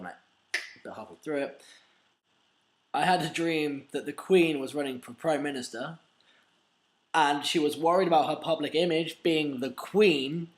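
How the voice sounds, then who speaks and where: A man telling a rambling, swearing comedic story in a casual vlog. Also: a little high. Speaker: vlogger.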